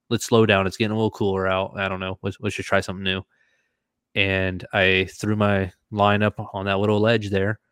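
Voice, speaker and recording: Low-voiced man telling a fishing story. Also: no room sound, studio quality. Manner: animated storyteller, acts out quotes. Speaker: podcast co-host. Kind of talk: casual storytelling chat.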